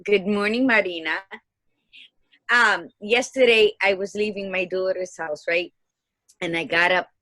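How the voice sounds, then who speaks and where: A woman in her fifties co-hosting a casual livestream chat, lively and laughing, dropping Spanish greetings. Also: medium pitch, a little slow, long pauses, dry recording. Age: 50s. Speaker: co-host, life coach. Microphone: video call.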